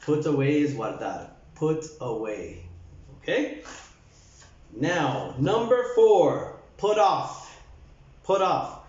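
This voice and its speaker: A man teaching an English lesson to Spanish speakers, speaking slowly and repeating words for practice. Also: on the high side, animated, darkish tone. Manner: slow, repeats words for drills. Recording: echoey, dull lo-fi room sound.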